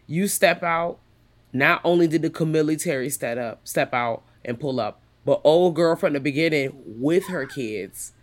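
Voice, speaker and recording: Brief: low-pitched woman, sarcastic and lively, podcast chat. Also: a little slow. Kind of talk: casual film review chat.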